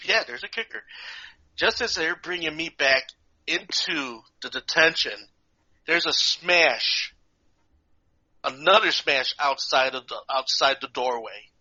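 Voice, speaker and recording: A man, a podcast co-host, telling a lively story in casual chat, acting out the people in it, in a dull lo-fi recording. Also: a little high, measured pace. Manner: animated, acts out voices.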